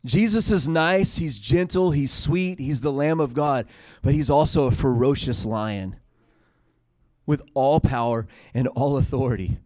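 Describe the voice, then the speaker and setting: A man's voice: mid-range voice, measured pace, darkish tone, dry recording. A man preaching a sermon, retelling scripture in casual paraphrase and building to emphatic peaks.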